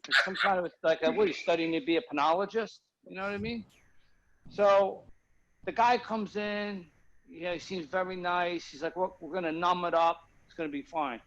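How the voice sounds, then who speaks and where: A man's voice: sits high, steady tone, moderate pace, fairly bright tone, lo-fi sound. A man telling a rambling comic story on a video call, often asking if the listener follows him. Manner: rambling, keeps asking "you know what I mean?". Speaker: guest comedian.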